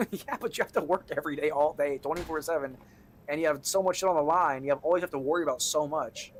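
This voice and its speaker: A young man with a voice sitting a little high for a man talks loosely while he plays a game on stream. He jokes, swears freely and breaks into sudden excited yelps between stretches of easy chatter with his viewers. A faint hum of room noise sits under his close desk microphone. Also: fast. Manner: loose, joking and profane, with sudden excited outbursts. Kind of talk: casual gameplay commentary.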